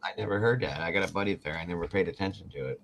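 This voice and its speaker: Low-voiced joking male streamer. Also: very fast, gravelly, a bit bright, a little hiss or hum. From Wisconsin. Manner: joking, teasing, puts on a country twang. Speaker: livestream host. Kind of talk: casual chat.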